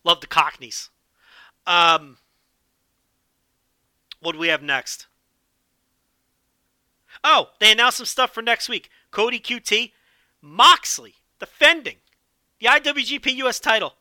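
A man hosting a solo podcast with animated, profane, joking commentary. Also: extremely high pitch, slow, long pauses, no echo, studio quality. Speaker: podcast host.

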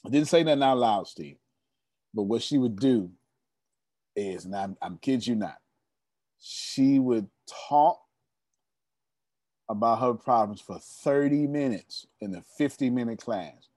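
A man's voice: mid-range voice, expressive, unhurried, pauses often, dark tone, no room sound, clean studio sound. A young man giving a motivational storytelling talk, preachy and emphatic, speaking straight to his listeners. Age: young adult. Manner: preachy, addresses the audience directly, emphatic. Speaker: motivational speaker leading a members' meeting.

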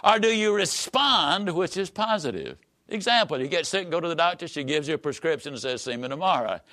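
Male motivational speaker, folksy emphatic delivery, animated pitch. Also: a little fast. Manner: folksy, emphatic, swoops high and low. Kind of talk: motivational speech.

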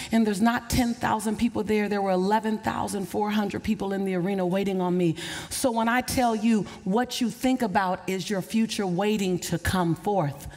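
A woman's voice: medium pitch, a little mellow, slightly rough. A woman giving a motivational speech to a live audience, telling a story with passion and repeating key phrases for emphasis. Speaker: motivational speaker. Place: stage before a live audience. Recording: long reverb of a large hall.

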